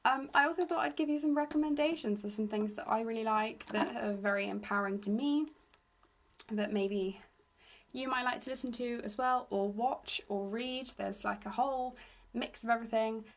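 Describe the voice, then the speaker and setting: A young woman from England with a slightly raspy voice, hosting a solo podcast into her phone in a rambling, self-deprecating chat. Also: fairly high pitch, moderate pace. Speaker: podcast host.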